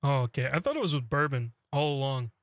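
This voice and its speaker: A man's voice: medium pitch, lively intonation, fast, no room sound, studio quality. A man chiming in as co-host on a call-in radio show with brief, agreeable remarks. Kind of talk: casual radio banter.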